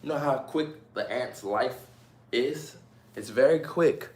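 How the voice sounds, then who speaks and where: A man's voice: medium pitch, takes it slowly, darkish tone. Chatty guy on a stream, joking with chat, bit of echo in the room. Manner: chatty, playful, addresses viewers directly. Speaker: live streamer chatting with viewers. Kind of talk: casual live-stream chat.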